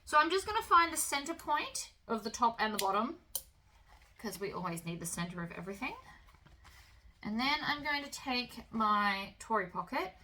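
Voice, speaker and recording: A woman hosting a sewing tutorial, talking through each step in a relaxed, chatty way with the odd um and uh. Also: fairly high pitch, normal speed, a little hiss or hum, poor audio. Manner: relaxed, chatty instruction with fillers.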